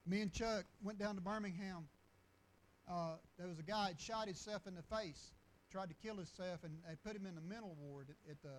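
A man's voice: sits high, low-quality recording. A man preaching and telling stories in a folksy, rambling way, with restarts and chuckles. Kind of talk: storytelling sermon.

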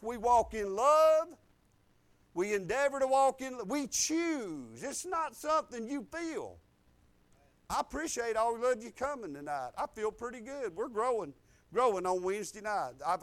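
Man, pastor, high voice, animated sermon, informal speech, repeats and restarts. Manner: animated preaching, swings from loud emphatic to low and quiet. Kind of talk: sermon with personal testimony.

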